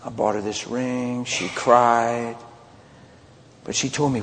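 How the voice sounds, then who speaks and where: A man preaching a sermon, mixing loud outbursts with hushed personal confessions as he tells a story. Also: medium pitch, steady tone, measured pace, a little hiss or hum. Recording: long hall reverb, faint ambience.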